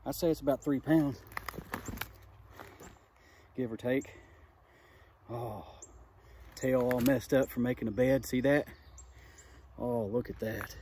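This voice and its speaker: A man vlogging his fishing outdoors by a creek, excited and rambling in a folksy way, recorded on a phone held at a distance. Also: mid-range voice, a little hiss or hum. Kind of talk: casual outdoor vlog talk. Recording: faint phone audio from a distance.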